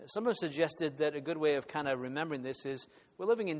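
Male preacher, earnest sermon delivery, higher voice, long hall reverb. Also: animated, quick pace, few pauses. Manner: earnest, repeats words when building emphasis.

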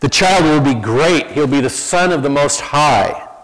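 A man preaching a sermon in a conversational, animated storytelling manner, often restarting his sentences. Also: fairly high pitch, measured pace, low-quality recording. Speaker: pastor.

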